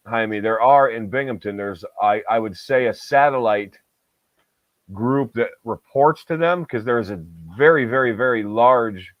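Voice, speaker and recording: A man's voice: medium pitch, no echo. A man, co-hosting a podcast in a profane, rambling chat packed with filler words. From Southern Tier of New York. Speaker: podcast co-host. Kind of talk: casual chat. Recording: dull lo-fi dry recording.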